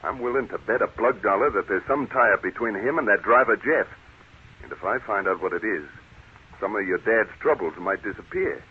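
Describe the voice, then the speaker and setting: An actor playing a steady, confident cowboy hero with a calm, commanding western drawl, in 1940s radio acting. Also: male voice, fairly low pitch, moderate pace, husky. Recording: tinny, hissy old radio broadcast.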